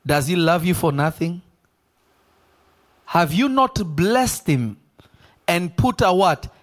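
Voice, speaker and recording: Sly, boastful male devil, casual and offhand, a preacher doing the voice; voice sits a bit high. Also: expressive, slow.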